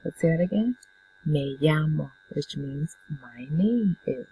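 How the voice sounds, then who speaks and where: A woman teaching a beginner Spanish lesson, patiently saying words and pausing so students can repeat them. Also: low voice, sing-song, warm tone, slight background noise, low-quality recording. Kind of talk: classroom language lesson.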